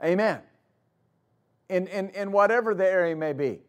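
Male pastor, sermon, high pitched voice, emphatic, repeats lines for stress. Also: animated, moderate pace. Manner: emphatic, repeats phrases for stress, rises and drops loudness.

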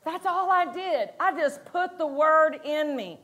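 A woman's voice: high-pitched, measured pace, fairly bright tone. A woman pastor preaching a sermon in a conversational way, acting out quotes and laughing between points.

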